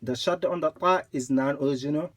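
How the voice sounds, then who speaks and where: A man teaching Quran recitation rules, explaining slowly and repeating points, with recited examples. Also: fairly high pitch.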